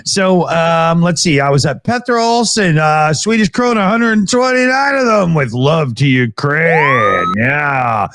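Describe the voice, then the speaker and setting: Halting man reading viewer messages. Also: a little high, lively intonation, a bit bright, no room sound, clean studio sound. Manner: halting, many fillers while reading. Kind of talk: casual livestream chat.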